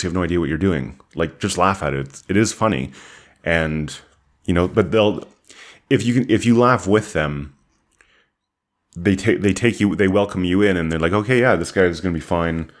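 Male podcast co-host, very deep voice, earnest and easygoing. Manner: earnest, agreeable. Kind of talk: casual discussion.

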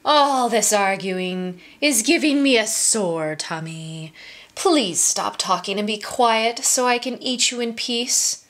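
A woman plays a big male tiger from a children's storybook, sly and hungry, his voice swinging from high sweet begging down to a smug growl. The delivery is lively and unhurried, with plenty of movement in the pitch. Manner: pleading at first, then growling and smug.

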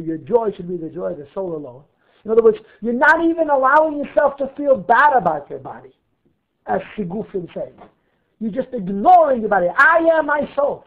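A rabbi teaching a class, lively, weaving Hebrew terms into his English and asking himself questions to answer them. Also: high-pitched. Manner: animated, asks and answers his own questions. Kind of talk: Torah class lecture. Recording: narrow phone-like audio.

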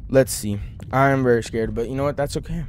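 A man's voice: medium pitch, quick pace, a little hiss or hum. A young man commenting on a horror game, talking to viewers and yelping when startled. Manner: jumpy, talks to viewers, yelps when startled. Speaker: gaming channel host.

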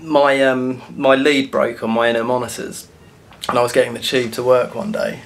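A man's voice: medium pitch, flat delivery, normal speed. A man co-hosting a casual chat vlog, throwing in dry, sarcastic asides. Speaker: vlog co-host.

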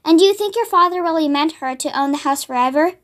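Storybook: woman doing bright caring young girl, high eager voice, very high pitch. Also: fast. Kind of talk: read-aloud storybook acting.

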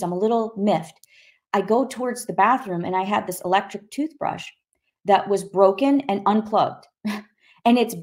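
A middle-aged woman sharing a personal testimony as an interview guest, telling her story in a lively, conversational way and acting out the voices in it. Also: medium pitch.

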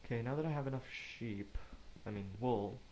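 A man giving casual let's play commentary, rambling and talking to himself with quick asides. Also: medium pitch, mellow, slight background noise. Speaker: gamer narrating gameplay.

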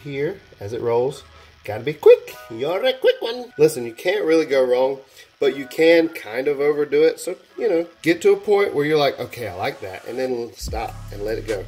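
Excitable man gushing through a craft tutorial. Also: on the high side, moderate pace, breathy edge, soft background music. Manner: enthusiastic, gushing, exclaims while working. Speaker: airbrush artist and channel host. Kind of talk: hands-on craft tutorial, chatty.

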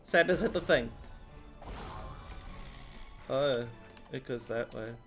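A man giving rambling, swearing, excitable commentary while playing a video game. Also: mid-range voice, slow pace, music in the background. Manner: rambling, excitable, swears often, laughs a lot. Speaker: gaming video host. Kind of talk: let's play commentary.

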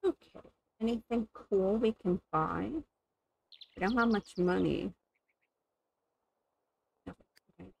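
A woman's voice: mid-range voice, slow pace, creaky, long pauses, breathy edge, dull audio. A woman giving casual, amused commentary as she plays a life-sim game, thinking aloud. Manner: chatty, amused, thinking aloud while playing. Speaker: gaming channel host.

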